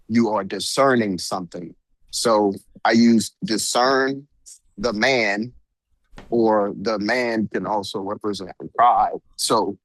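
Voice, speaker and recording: A man with a lowish voice talks very slowly on a group call, halting as he thinks aloud. The sound is dry and close. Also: a bit bright, dry recording, low-quality recording. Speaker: student in a study group.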